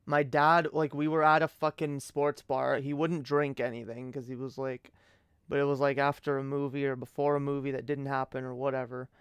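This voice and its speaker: A man's voice: mid-range voice, level tone, moderate pace, smooth, dry recording. Young man rambling on a late-night stream. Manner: rambling, profane, many restarts.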